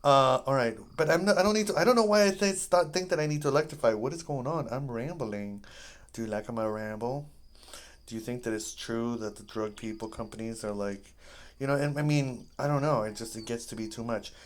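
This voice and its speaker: A gaming host rambling through casual commentary, joking around and breaking into high-pitched yelps when things go wrong. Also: a little fast. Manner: jokey, playful asides.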